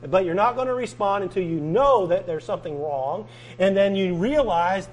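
High-voiced preacher, hum underneath. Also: male voice, normal speed, poor audio. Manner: emphatic, repeating and drawing out key words, swinging from loud to soft. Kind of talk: sermon.

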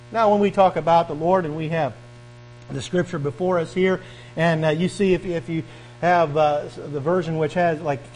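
A man's voice: fairly high pitch, a little hiss or hum, low-quality recording. A male pastor delivering a sermon, reading scripture aloud and driving points home with a rising and falling preaching cadence and repeated questions.

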